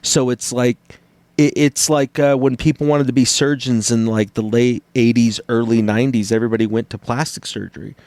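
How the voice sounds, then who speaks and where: Dry-voiced man in animated chat. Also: medium pitch, a little fast, no echo. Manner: animated, acts out tones and inflections while explaining. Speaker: podcast co-host. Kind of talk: casual chat.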